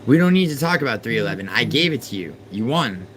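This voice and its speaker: A man in a mid-range voice argues with his chat during a live stream. He scolds and flares into loud, high outbursts, then sinks into low muttering. A faint air-conditioning hum sits under the voice. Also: big pitch swings, fast. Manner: argumentative, swings from exasperated shouting to muttering. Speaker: livestream host.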